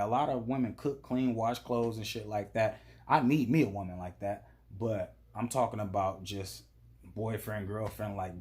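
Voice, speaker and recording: A man's voice: on the low side, a little mellow. A man telling a story in a casual, blunt and profane monologue as a vlogger.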